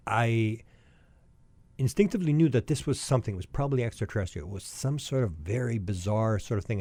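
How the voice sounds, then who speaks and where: Older canadian guy telling his story fast on a podcast, warm low-key tone. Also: dry recording. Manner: animated anecdotal storytelling with restarts. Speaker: guest.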